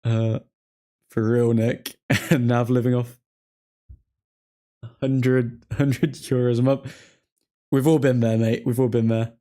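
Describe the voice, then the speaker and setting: A young man of middle pitch hosts a livestream in a loose, chatty way. He mixes match reactions with easy replies to his viewers. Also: little pitch movement, takes it slowly, long pauses, warm tone. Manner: chatty, reacting to the game and replying to chat. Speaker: livestream host. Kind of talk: casual live match commentary with viewers.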